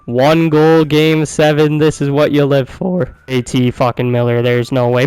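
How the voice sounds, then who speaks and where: A man commentating his own video game as he plays, excitable and profane, swinging from quiet muttering to loud cheering. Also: medium pitch, measured pace, hardly any pauses, clean tone, no echo, low-quality recording. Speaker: gaming YouTuber.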